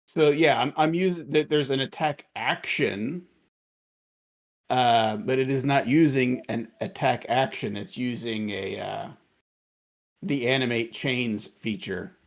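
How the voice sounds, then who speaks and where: Male game master, slow and gravelly, halting narration with lots of restarts. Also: medium pitch. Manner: halting, with many restarts and fillers.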